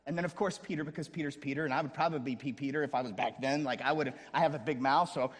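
A man preaching a sermon as a pastor, dramatic, dropping to a hush and then rising to a shout, with casual joking asides. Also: mid-range voice, fast talker, hardly any pauses, slightly rough, big-room sound.

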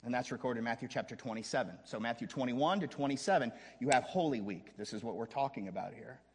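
A man preaching a sermon as a pastor, dramatic, dropping to a hush and then rising to a shout, with casual joking asides. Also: mid-range voice, fast, slightly rough, long reverb tail.

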